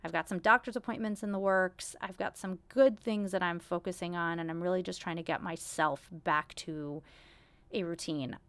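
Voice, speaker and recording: A woman in her thirties chats through her own podcast in a candid, self-deprecating way. Her voice sits a little low. The sound is close and dry, with no room around it. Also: fairly even intonation, moderate pace, fairly bright tone, smooth, no echo. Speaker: podcast host. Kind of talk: casual solo podcast chat.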